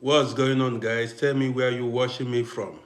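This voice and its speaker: A man from Africa, host of a live stream, chatting casually with viewers and turning heated and loud as he answers a critic. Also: mid-range voice, level tone, moderate pace, roomy sound. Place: home in Austria.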